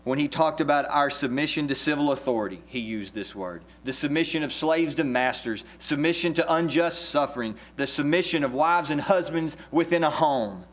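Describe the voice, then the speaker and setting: Earnest man preaching, slightly high voice. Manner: earnest, measured preaching with occasional restarts. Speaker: pastor. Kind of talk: sermon.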